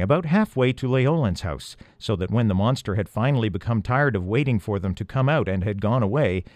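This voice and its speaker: A man reads a children's storybook aloud in a gentle, lively voice. He speaks directly to the listener now and then. The recording is close and dry. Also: lowish voice, no room sound. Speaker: audiobook reader.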